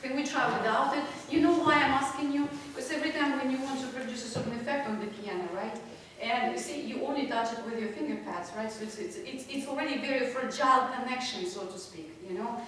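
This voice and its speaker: Heard from afar through a room mic in an echoey recital hall, this piano teacher talks fast in a high, slightly bright voice with slight background noise. She encourages her masterclass student, laughs a lot and exaggerates for emphasis while the piano plays.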